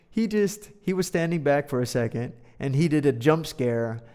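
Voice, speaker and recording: A man's voice: fairly high pitch, expressive, unhurried, mellow, clean tone. A man teaching English by reading a storybook aloud and explaining words and sounds with playful, jokey asides. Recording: long hall reverb.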